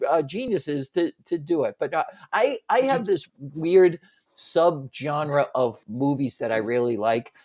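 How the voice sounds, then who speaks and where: A middle-aged man co-hosting a radio talk show, chatting casually and breaking into animated shouted movie quotes. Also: fairly high pitch, a little slow. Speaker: radio sports talk co-host.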